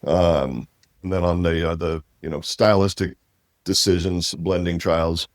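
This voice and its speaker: A man's voice: sits low, steady tone, a little slow, dry recording, clean studio sound. A man from Washington, in his fifties, talking casually as an interview guest, rambling with many fillers and restarts. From Walla Walla Valley, Washington. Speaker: winery owner and interview guest.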